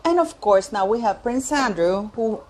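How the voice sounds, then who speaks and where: A woman's voice: on the high side, lively intonation, moderate pace, a little mellow, a little hiss or hum. A woman in her fifties hosting her own channel, talking casually and giving strong opinions, often restarting sentences and searching aloud for words. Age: 50s. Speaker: channel host. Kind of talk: opinionated commentary vlog.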